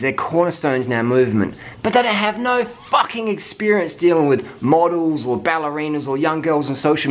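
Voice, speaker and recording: A man ranting heatedly, swearing constantly and mimicking people in mocking voices. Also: on the high side. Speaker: vlogger. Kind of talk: profane rant.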